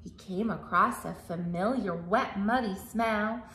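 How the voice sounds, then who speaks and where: A woman reading a picture book aloud to children as librarian, animated and singsong, asking them questions, in an echoey room. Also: mid-range voice, a little slow, a little hiss or hum.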